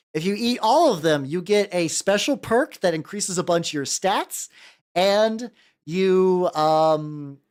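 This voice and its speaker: Animated hobby streamer, loose profane chatter, pitch swings widely between greetings. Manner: rambling, profane, repeats greetings to chat. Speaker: miniature-painting streamer. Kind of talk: casual livestream chat while painting.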